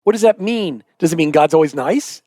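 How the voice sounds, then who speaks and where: A man co-hosting a podcast, asking questions in a calm, measured way. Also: on the high side, dry recording, studio quality. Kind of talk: conversational podcast discussion.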